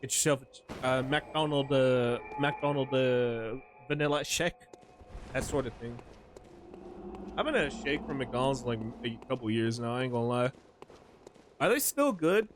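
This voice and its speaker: A man's voice: medium pitch, animated, normal speed, background noise. A man in his twenties chatting casually with viewers while playing a game, slangy and rambling, laughing often. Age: 20s. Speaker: streamer. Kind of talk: casual gameplay commentary to chat.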